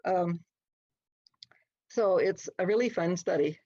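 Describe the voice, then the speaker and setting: A woman's voice: on the low side, slow pace, mellow. An older American woman, an English teacher, answering interview questions in a friendly, explanatory way. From United States. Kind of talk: relaxed conversational answers. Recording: dull, muffled lo-fi audio.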